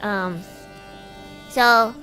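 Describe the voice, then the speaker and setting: A young woman streamer telling a long everyday story in casual chat, animated and chatty, acting out what people said. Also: mid-range voice, very slow, soft background music. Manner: chatty, animated, acts out quoted lines in a raised voice.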